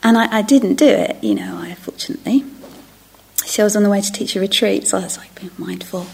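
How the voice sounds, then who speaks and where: A middle-aged woman, a meditation teacher, gives a reflective dharma talk to a retreat group. Her mid-range voice swoops wildly in pitch and is brisk, gravelly, and darkish, in a slightly rough recording. She often drops to a near-whisper, interrupts herself, and restarts her phrases.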